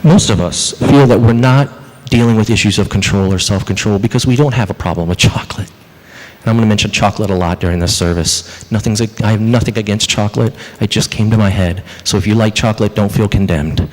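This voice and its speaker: A man preaches a sermon from the pulpit, his pitch rising and falling in a lively, animated way. He fires off rhetorical questions and acts out little quoted asides. His voice rings out with a long hall reverb around it. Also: brisk. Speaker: pastor. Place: church sanctuary.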